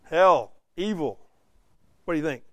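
A man's voice: on the high side, expressive, measured pace, dry recording. A man teaching a Bible class, conversational, quizzing his listeners and acting out the quotes he reads. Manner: conversational, asks the class questions, acts out quotes. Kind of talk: interactive Bible study teaching.

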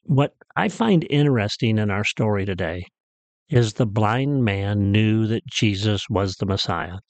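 A man's voice: fairly low pitch, lively intonation, unhurried, no echo. A man who is a pastor, preaching a radio sermon in a storytelling way that builds to emphatic peaks.

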